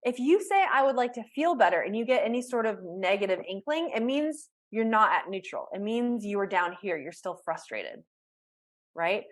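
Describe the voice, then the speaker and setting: A woman coaching a group over a video call, her mid-range voice rising and falling in a lively, animated way. She talks conversationally, breaking off and restarting sentences as she acts out examples of self-talk. The tone is that of a live online workshop. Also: mid-range voice, moderate pace. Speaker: life coach.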